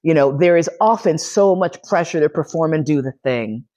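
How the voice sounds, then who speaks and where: A New York City woman hosts a podcast lecture, telling a story in casual, profane language and laughing often. Her voice is low, mellow and animated at a normal speed, though the audio sounds dull.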